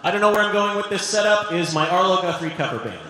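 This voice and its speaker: A man doing quick, wry comedic stage banter and singing on a stage microphone in a large concert venue. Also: high-pitched, noisy background. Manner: wry, quick-witted, joking. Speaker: comedy music performer. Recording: reverberant hall with live crowd. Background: crowd and music.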